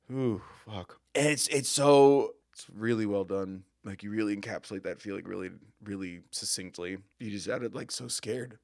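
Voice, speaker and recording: A man's voice: lowish voice, normal speed, vocal fry, few pauses, darkish tone. A man hosting a music reaction video, talking in an emotional, rambling way with stammered restarts and frequent swearing. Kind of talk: casual reaction commentary.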